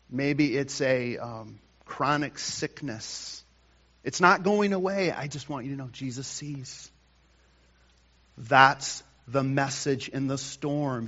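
A male pastor delivering a morning sermon, slow and emphatic, rising to loud bursts and dropping to quiet lines. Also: medium pitch. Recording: dull sound with long hall reverb.

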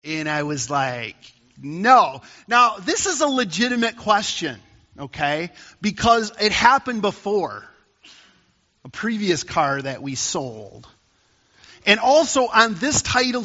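A male pastor delivers a conversational sermon, building up emphasis as he tells a story. His voice sits a little high and sounds bright and forceful. The recording is slightly muffled and carries a long reverb from a large church. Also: lively intonation, moderate pace.

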